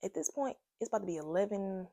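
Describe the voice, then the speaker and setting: Young woman vlogger, husky and gravelly, lively slangy storytelling, dry close mic. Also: medium pitch, fast talker, no echo. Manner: animated, slangy, talks straight to viewers. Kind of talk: casual storytime. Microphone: own microphone.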